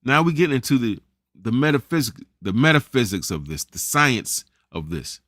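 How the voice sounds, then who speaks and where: A man's voice: mid-range voice, very animated, normal speed, a bit bright. A man delivers a motivational talk in a mid-range voice. He preaches in a casual, persuasive way, leaning on his listeners with repeated questions. The sound is close and dry, with no room echo. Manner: preachy, calls audience "family", says "right?" often. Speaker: empowerment coach.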